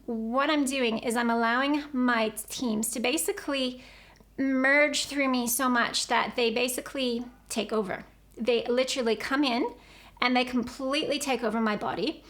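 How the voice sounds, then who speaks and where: A woman's voice: on the high side, a bit bright. A woman teaching about channeling, earnest and repetitive as she explains things step by step. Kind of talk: explanatory spiritual teaching video.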